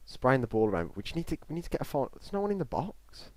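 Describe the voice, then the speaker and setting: A man's voice: medium pitch, fast, no echo. An English man streaming live reactions to a football match, talking nonstop through the play and reading out chat messages, recorded in a small closed room at a desktop mic. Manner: excitable running commentary, reads live chat. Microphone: desktop mic in front of a screen.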